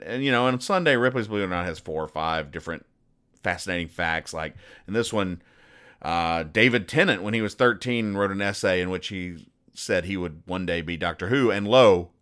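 Host note: low-voiced man, crisp clear tone, deadpan joke explainer. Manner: dry, over-explains jokes with fillers. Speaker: podcast host reading comics.

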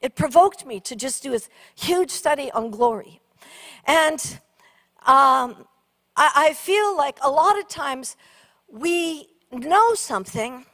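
A middle-aged woman preacher telling an animated, funny story in a sermon. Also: a little high. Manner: animated, shrieking during funny story parts.

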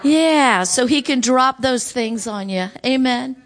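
High-voiced woman exhorting a congregation. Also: slow pace. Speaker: preacher. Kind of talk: sermon.

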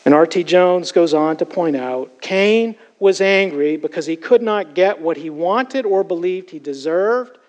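High-voiced man preaching earnestly. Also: measured pace, hardly any pauses, rough recording. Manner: earnest, emphatic preaching with repeated direct address. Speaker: pastor. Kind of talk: sermon.

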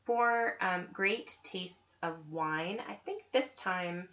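A woman's voice: on the low side, takes it slowly, a bit bright. A woman hosting a knitting podcast, talking in a chatty, enthusiastic way with plenty of ums and asides. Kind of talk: casual podcast chat. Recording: slightly dull lo-fi audio.

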